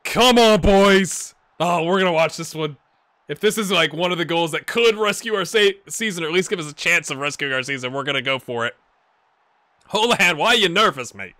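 A man hosting a gaming channel, giving excitable let's-play commentary, cheering on his players and thinking out loud. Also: fairly high pitch, brisk, no room sound, clean studio sound. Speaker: video game channel host.

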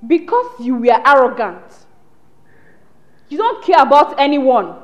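A woman's voice: sits high, big pitch swings, lo-fi sound. A vengeful female ghost. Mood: menacing. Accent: Nigerian. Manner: slow, commanding threats. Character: vengeful ghost of a young woman.

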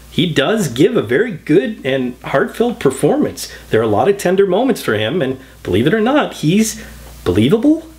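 A man hosting a comedic film review, talking with wry, joking asides. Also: mid-range voice.

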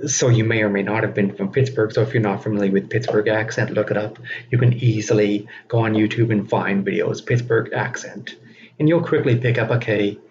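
Man, instructor, lecture, slow deliberate pace, filler words, faint background hiss. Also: fairly low pitch, a little mellow. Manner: slow, deliberate, self-aware delivery with frequent fillers. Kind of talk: recorded teaching lecture. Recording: dull lo-fi recording with faint noise.

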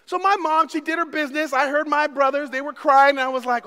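A man preaching a sermon as pastor, telling stories with big swings from hushed to shouting. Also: very high voice, fairly even intonation, fast. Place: church sanctuary. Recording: long reverb of a church hall.

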